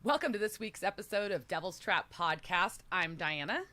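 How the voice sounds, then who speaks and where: A woman's voice: lowish voice, expressive, normal speed, pushed and bright, soft background music. A woman co-hosting a podcast, opening the episode in upbeat casual chat with fillers. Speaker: podcast co-host.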